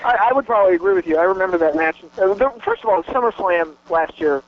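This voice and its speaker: High-voiced excitable man chatting wrestling. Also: dull audio. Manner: excitable, bragging, quick laughs. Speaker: podcast co-host. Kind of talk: casual wrestling chat.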